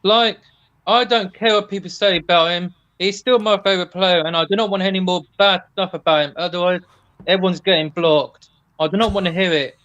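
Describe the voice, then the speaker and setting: A man's voice: sits high, steady tone, fairly quick, a bit bright, dry recording. A man calling in as a fan, ranting angrily and swearing. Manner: angry, swearing rant. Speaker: caller. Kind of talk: fan phone-in chat. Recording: muffled call audio.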